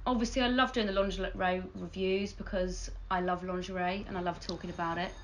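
A woman's voice: lowish voice, fairly even intonation, brisk, low-quality recording. A woman chatting frankly about her modelling work, joking and laughing often. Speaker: model, podcast guest. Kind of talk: casual chat.

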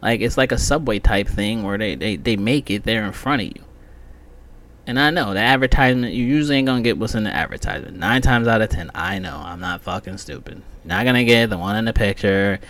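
A man's voice: lowish voice, fairly quick, fairly bright tone. A man hosting his own podcast, telling a heated, profanity-heavy story in a casual rant. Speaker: podcast host.

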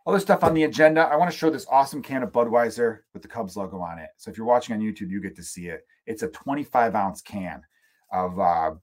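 A man from the United States hosting a solo podcast, ranting in a casual, profane, animated way with sarcastic asides. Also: lowish voice, quick pace. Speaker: podcast host.

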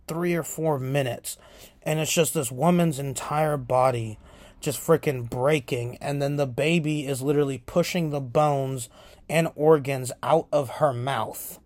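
A man hosting a podcast, casually retelling horror film scenes in a profane, animated way. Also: on the high side, no room sound. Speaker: podcast host.

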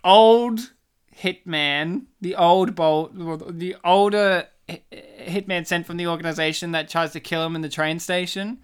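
A man's voice: high voice, measured pace, clean tone. A man co-hosting a casual film podcast, talking animatedly and laughing often. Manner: animated, laughing, puts on silly voices. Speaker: podcast co-host.

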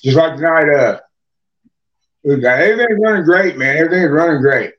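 A moonshiner appearing as a podcast guest tells a long, wandering story in a casual chat, swearing constantly and leaning on "man" and "you know." His voice sits on the high side, a bit bright, with lively intonation at a normal pace. The podcast audio is dull and lo-fi.

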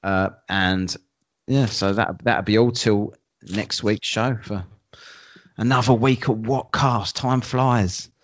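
A man co-hosting a podcast, chatting casually, excitable and swearing, often laughing. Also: on the low side, slow pace, muffled recording. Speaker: podcast co-host. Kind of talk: casual banter.

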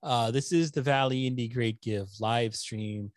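A middle-aged man hosting a casual livestream from home, rambling and joking at his own expense, a little hoarse from talking. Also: medium pitch, a little slow, dry recording, studio quality. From Connecticut. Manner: rambling, self-deprecating, joking. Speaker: host of a nonprofit news livestream. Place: home room lit with LED lights. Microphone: desktop microphone.

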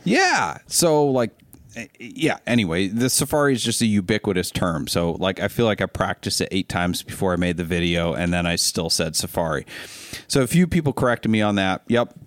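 Animated, self-mocking podcast man. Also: low-pitched, moderate pace, dry recording, clean studio sound. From Ohio. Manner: animated, self-deprecating storytelling. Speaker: podcast co-host. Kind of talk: casual chat.

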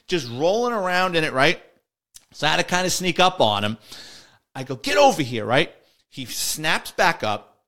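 A middle-aged man from the Bronx with a New York accent, a retired detective telling a story in a lively, salty way and acting out the dialogue. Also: medium pitch. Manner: animated, swearing, acts out dialogue. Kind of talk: casual storytelling.

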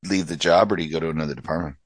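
A man with a very deep voice hosts a casual podcast. He adds steady opinions and brief agreements, recorded dry and close. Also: rapid-fire, dry recording. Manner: plain, steady commentary with short backchannels. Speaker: podcast host.

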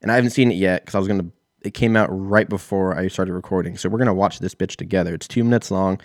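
A man's voice: sits low, steady tone, fast talker, no room sound, clean studio sound. A man in his thirties, telling a rambling, profane, self-mocking story in a casual solo podcast. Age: 30s. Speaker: podcast host.

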